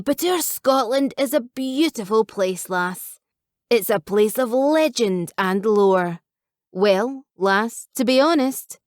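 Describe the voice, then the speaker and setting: A woman's voice: medium pitch, no room sound, clean studio sound, natural voice. Jovial old cabbie guy in an audiobook, teasing and chatty, lady narrator doing him. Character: jovial elderly male taxi driver.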